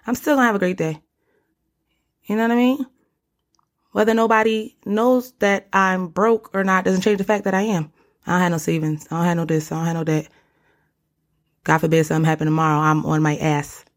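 A woman's voice: lowish voice, steady tone, moderate pace. A young woman hosting a solo podcast, talking casually and animatedly in slang, often calling the listener honey or baby. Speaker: podcast host.

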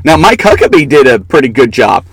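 A man's voice: medium pitch, big pitch swings, fairly quick, husky, no echo, low-quality recording. Opinionated man talking politics, dry sound. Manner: opinionated, mocking, laughs often. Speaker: political talk show co-host. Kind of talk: casual political commentary.

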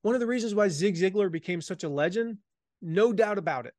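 A man from the American South speaking as an author and guest in a conversational interview, energetic and emphatic, repeating his key phrases. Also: high-pitched, brisk, no echo. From Southern United States.

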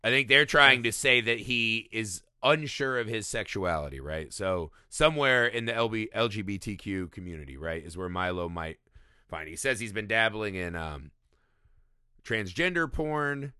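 A man co-hosting a podcast, chatting casually about a film, animated and profane, laughing often. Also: on the low side, moderate pace, clear, resonant tone, no room sound, clean studio sound. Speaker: podcast co-host.

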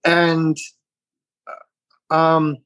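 A man's voice: fairly high pitch, completely flat delivery, very slow, a bit bright, smooth, dry recording. A man speaking as a podcast guest, earnest and emphatic, thinking aloud in a casual conversation.

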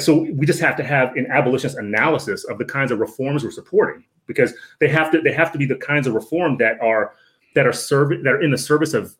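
A man's voice: mid-range voice, fairly bright tone. A man speaking as a guest in a casual podcast conversation, earnest and lecturing, often repeating words and tagging on "right?".

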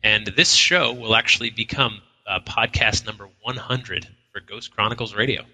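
Male co-host, very bright tone, chatty storyteller, long hall echo. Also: fairly low pitch, fairly even intonation, normal speed. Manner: storytelling with acted-out quotes and frequent restarts. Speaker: co-host of a live paranormal radio show. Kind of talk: casual on-air chat. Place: inn function room at a live broadcast.

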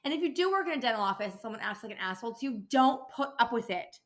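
A woman's voice: a little high, animated, fast talker. A young adult woman hosting a casual podcast, ranting and swearing freely as she gets worked up. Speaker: podcast host, dental office worker.

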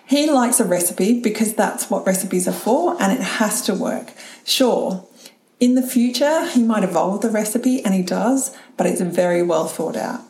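A middle-aged woman hosts a reflective solo talk, her voice mellow and relaxed. She is candid and chatty, with easy laughs and casual swearing, heard in a roomy space. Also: medium pitch.

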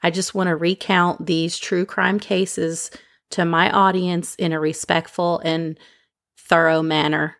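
Calm, low-voiced woman podcast host. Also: dry recording, clean studio sound. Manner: calm, gentle, unhurried. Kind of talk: casual chat to listeners. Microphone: podcast microphone.

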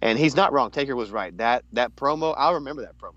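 A man's voice: lively intonation, fast, fairly bright tone, no echo, highs cut off. A man co-hosting a casual wrestling podcast, rambling with many restarts. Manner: rambling, restarts often, jumps into high voice to quote. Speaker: podcast co-host.

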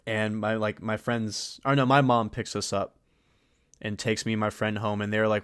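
Low, smooth-voiced young man telling stories. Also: moderate pace, no room sound, clean studio sound. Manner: profane, rambling, animated when retelling. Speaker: podcast co-host. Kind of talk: casual storytelling chat.

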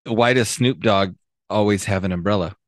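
A man's voice: lowish voice, normal speed, no room sound, studio quality. A middle-aged man hosting a casual chat, rambling loosely and telling crude jokes. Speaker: podcast host.

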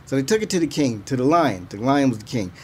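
A man co-hosting a casual faith talk show, telling stories with animated character voices. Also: mid-range voice, fast talker, slight background noise. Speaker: co-host. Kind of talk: casual chat.

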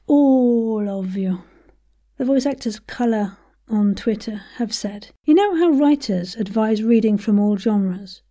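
Lady podcast host, slow mellow voice, playful and encouraging, lots of whispering. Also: medium pitch. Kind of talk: casual chat with vocal warm-up exercises.

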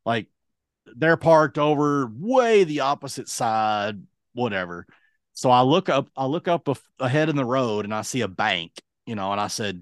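Brief: late-30s male podcast host, animated storyteller, lively pitch, dry close mic. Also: moderate pace, dry recording. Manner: animated, acts out quoted dialogue. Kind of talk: casual storytelling.

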